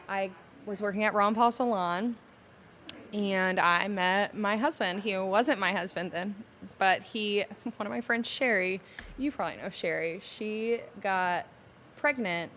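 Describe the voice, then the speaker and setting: A young adult woman, a podcast guest telling her personal story candidly and emotionally, slowing down to hold back tears. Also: medium pitch, a bit bright, a little hiss or hum. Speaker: podcast guest, salon owner.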